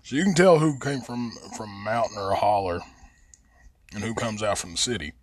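Cussing Appalachian man, low, dry. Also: brisk, no room sound. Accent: Southern Appalachian. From West Virginia. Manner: rambling, cusses freely, drawls and stretches vowels. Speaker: podcast host. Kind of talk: casual profane monologue.

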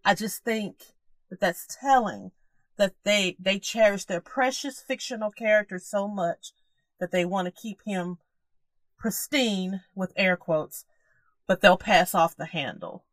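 A woman's voice: medium pitch, a little slow, no echo. A woman co-hosting a casual podcast, emphatic and opinionated, often repeating herself for stress. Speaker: podcast co-host. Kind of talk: casual chat about current events.

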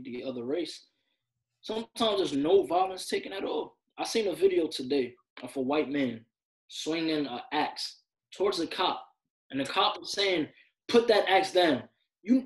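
A man's voice: high voice, poor audio. A young man on a podcast, talking heatedly and emphatically, often repeating himself out of frustration. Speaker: podcast co-host.

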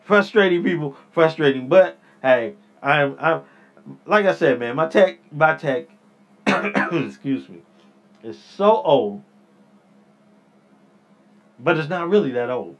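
A man's voice: on the high side, lively intonation, slow, pauses often. A man hosting his own podcast, rambling in casual talk, repeating himself and calling his listeners "people". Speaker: podcast host. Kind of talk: casual solo podcast rant. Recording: dull lo-fi sound.

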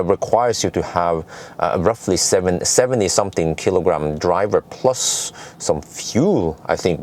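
Halting man explaining car tests. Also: low voice, darkish tone. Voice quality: non-native English, halting with many fillers and restarts. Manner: chatty, digressive, laughs at own jokes. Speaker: car reviewer. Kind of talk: casual explainer.

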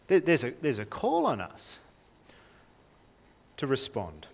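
Lively young man preaching a sermon. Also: medium pitch, slow, gravelly, husky. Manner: lively, conversational, asks the congregation questions. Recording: reverberant hall.

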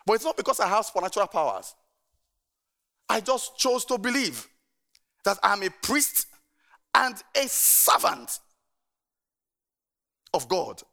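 Animated, gravelly-voiced male pastor. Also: high-pitched, a little slow, long pauses. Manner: animated storytelling, urging the congregation to respond. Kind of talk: sermon.

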